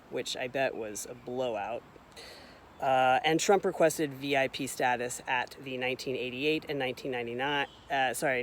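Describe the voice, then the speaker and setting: A man with a medium-pitched voice reads a long report aloud casually, with slight background noise. He reads out the footnote numbers, fixes his own slips, and throws in wry asides.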